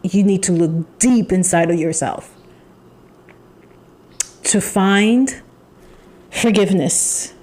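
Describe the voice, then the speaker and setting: A woman giving a channeled tarot reading, talking in an emphatic, repetitive way with pauses and sighs. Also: mid-range voice, a little mellow. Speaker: tarot reader.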